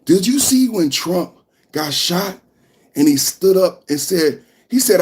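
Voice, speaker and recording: A man hosts a live political reaction stream in a loud, fired-up, preachy way. His speaking voice sits high for a man. He hammers his points over and over. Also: expressive, slow pace. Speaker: podcast host.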